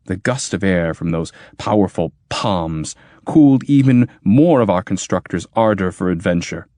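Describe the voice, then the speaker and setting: A man narrating a science fiction audiobook in an expressive storytelling manner. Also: deep voice, dry recording, studio quality. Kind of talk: scripted narration.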